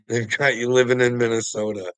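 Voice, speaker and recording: Addressing one viewer directly, a man hosting a livestream mocks and lectures him with profanity, laughs a lot, and keeps calling him "bud" and "brother" in a taunting monologue. His voice sits in the mid range, and the audio is dry and poor.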